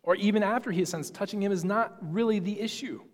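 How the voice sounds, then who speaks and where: A man's voice: sits high, fast, in a large hall. Man preaching a conversational sermon. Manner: conversational, explanatory, musing aloud. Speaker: pastor.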